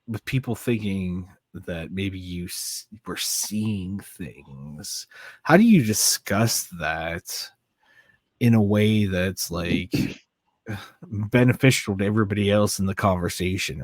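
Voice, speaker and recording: A man's voice: sits low, no echo. A man hosting an interview, asking rambling, searching questions. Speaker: interview host.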